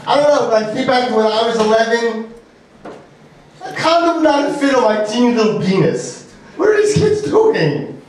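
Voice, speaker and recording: A high-voiced man working through a stand-up set, rambling and halting with plenty of fillers. The sound is very echoey, with the mic some way off from him in a small club. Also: animated, a little hiss or hum. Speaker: stand-up comic. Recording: echoey room from far off.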